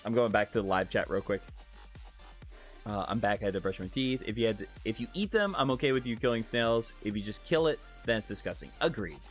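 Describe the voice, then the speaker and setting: A man's voice: fairly low pitch, lively intonation, brisk, soft background music. A man live-streaming casual chat, reading viewer questions aloud with giggly, profane banter.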